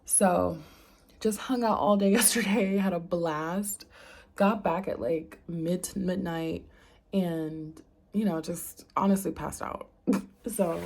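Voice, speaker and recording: Gravelly-voiced New woman vlogging. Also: fairly low pitch, a little mellow. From New Orleans, USA. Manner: chatty and rambling, with frequent laughs and self-corrections. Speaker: flight attendant vlogger. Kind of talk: casual travel vlog talk to camera.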